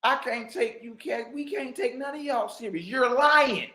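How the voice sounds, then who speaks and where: A man giving heated, mocking reaction commentary, repeating himself and bursting into shouts. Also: very high voice, measured pace. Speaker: online commentator. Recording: roomy echo.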